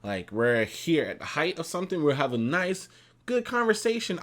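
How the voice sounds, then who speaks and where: A man's voice: a little high, very animated, moderate pace, fairly bright tone. A young adult man in casual vlog chat with his wife, talking in a laid-back, reflective way. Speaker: vlogger and husband.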